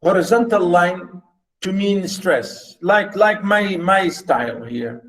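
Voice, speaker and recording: Over a video call, a university literature lecturer rambles through an explanation of poetic meter for his students, with many fillers and repeats. His voice sits high and a bit bright, he speaks slowly, and the recording quality is low.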